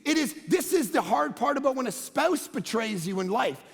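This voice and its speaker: A man, a pastor, preaching a conversational sermon that swings between loud emphatic bursts and quiet low asides. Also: big pitch swings, normal speed, vocal fry. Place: church auditorium. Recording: long hall reverb.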